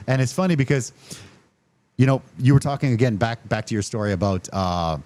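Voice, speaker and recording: A man from Canada hosting a relaxed interview over drinks, telling stories in an animated way and slipping into voices for other people. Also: mid-range voice, fairly quick. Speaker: podcast host and cantina owner. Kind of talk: casual chat over drinks.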